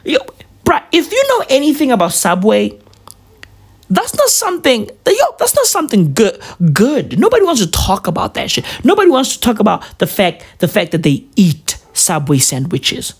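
A woman's voice: on the high side, wildly swooping pitch, normal speed, breathy edge. A tired woman doing a profane, rambling comedic rant that keeps drifting off on tangents.

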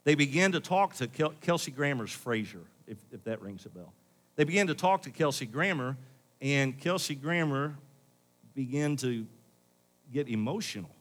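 A man's voice: medium pitch, animated, normal speed, fairly bright tone. Preaching man with a drawl. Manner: preaching with rising emphasis, pleading questions. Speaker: pastor. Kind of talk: sermon. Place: church.

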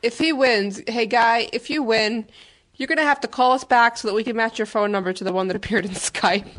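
A woman's voice: fairly high pitch, brisk, fairly bright tone. Chatty woman podcast co-host. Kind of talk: casual chat.

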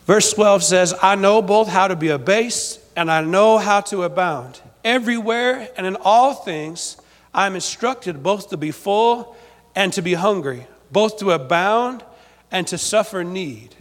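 A pastor preaches to his congregation in a church, his high voice at a measured pace. He is emphatic and repeats himself, often asking the congregation for an amen. A long hall reverb surrounds the recording.

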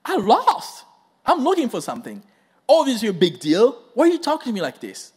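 A man's voice: extremely high pitch, very animated, normal speed, big-room sound, pitched above the performer's own voice, heavily acted. A male preacher voicing a bewildered, humble young Saul who cannot believe he was chosen. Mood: incredulous.

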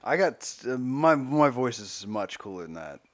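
A man's voice: mid-range voice, very animated, normal speed. A man co-hosting a casual podcast, joking crudely and swearing freely, often trailing off mid-sentence. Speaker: podcast co-host.

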